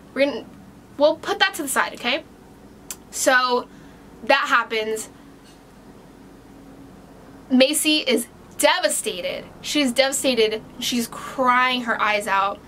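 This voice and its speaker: Bright-voiced chatty woman reviewing a book. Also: a little high, a little hiss or hum. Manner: chatty, animated, swears casually, many fillers.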